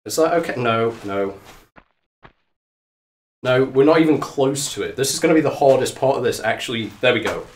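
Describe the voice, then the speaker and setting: Breathless man excitedly narrating live gameplay. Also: medium pitch, a little hiss or hum. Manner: excitable, talks to the game character and chat. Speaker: let's play streamer. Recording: echoey room, mic at a distance.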